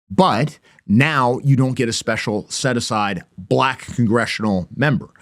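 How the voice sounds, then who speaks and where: A middle-aged man hosting a podcast, delivering opinionated commentary with sarcastic, mocking asides. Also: medium pitch. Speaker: podcast host.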